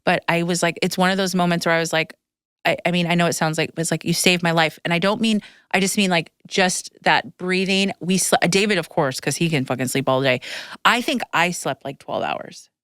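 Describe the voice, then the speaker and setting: A woman podcast host in her thirties, talking into a close, dry microphone with a slightly low voice. She tells long stories in a loose, rambling way, and the memories make her emotional and tearful. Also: fairly quick, fairly bright tone, clear, resonant tone, no room sound. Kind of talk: casual chat.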